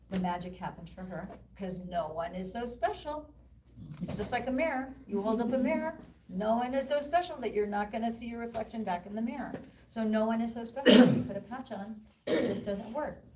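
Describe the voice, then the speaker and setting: A woman presenter with a medium-pitched voice tells a story to a live audience, acting out the voices of the people in it. Her voice carries through an echoey room from a distance from the mic. Faint noise sits underneath. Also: moderate pace. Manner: animated, acts out quoted voices. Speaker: presenter at a live wellness event. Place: event room.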